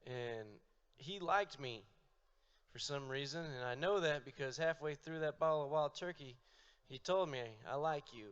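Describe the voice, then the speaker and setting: A man telling a long, profane, deadpan story on stage between songs. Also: fairly high pitch, moderate pace, clear, resonant tone, muffled recording. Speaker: comedic storyteller and musician. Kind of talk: stand-up storytelling.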